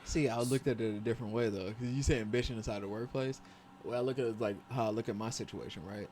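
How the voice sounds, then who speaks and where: A man's voice: mid-range voice, fairly even intonation, quick pace, a little mellow, slight background noise. Slangy man in casual podcast talk. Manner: loose and slangy, lots of "like" fillers, swears freely. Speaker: podcast co-host.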